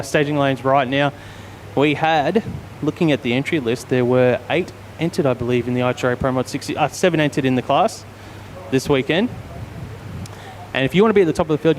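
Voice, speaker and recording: An Australian man doing brisk, informative, matey live drag racing commentary at an outdoor raceway. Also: mid-range voice. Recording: faint outdoor engine noise.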